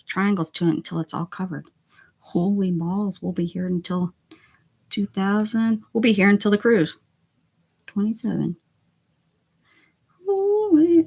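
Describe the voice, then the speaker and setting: Chatty woman live-streaming her art. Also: medium pitch. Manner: chatty, talks to viewers in chat while working; playful, exclaims and jokes. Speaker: livestreaming art journal creator. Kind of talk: casual live-stream chat while crafting.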